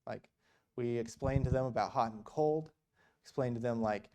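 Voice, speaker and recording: A guest speaker at a church delivers a storytelling sermon, his mid-range voice a little mellow and his pace moderate. He tells stories conversationally, full of rhetorical questions and "you know."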